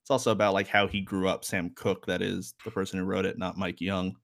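Man, low voice, casual music chat, rambling, filler-heavy, wry. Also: little pitch movement, a little fast, creaky, fairly bright tone. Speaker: music podcast co-host.

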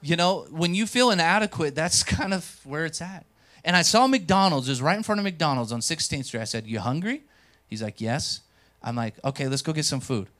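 Animated young pastor, storytelling. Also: male voice, a little high, moderate pace. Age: young adult. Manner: animated, acts out dialogue, swings from quiet to loud. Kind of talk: storytelling sermon.

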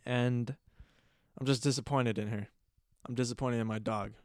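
A young man hosting a podcast, telling a rambling, deadpan, playfully disgusted story in a casual comic monologue. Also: medium pitch, normal speed, no room sound. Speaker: podcast host.

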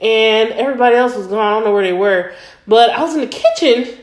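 A young woman from Detroit with a high, lively voice that leaps all over as she chats, swearing and laughing. Her co-hosting comes through in an echoey room. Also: fast talker. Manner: swears a lot, laughs often, animated storytelling. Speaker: podcast co-host. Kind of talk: casual chat.

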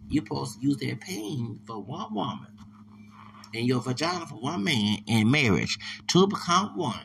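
Gravelly man rambling through a podcast story. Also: medium pitch, very animated, moderate pace, a bit bright, a little hiss or hum. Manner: rambling, emphatic, repeats words and restarts often. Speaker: podcast host. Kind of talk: casual monologue storytelling.

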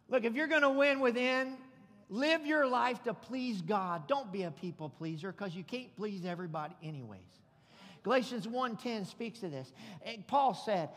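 High-voiced, bright-toned preaching man. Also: lively intonation, measured pace, long reverb tail. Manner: preachy and emphatic, folksy humor, rising to shouts. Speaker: pastor. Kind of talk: sermon. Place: church sanctuary.

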